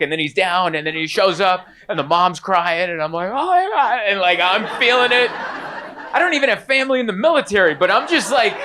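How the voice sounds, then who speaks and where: A young man performing a stand-up comedy set, telling a rambling, animated story with lots of fillers. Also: high-pitched.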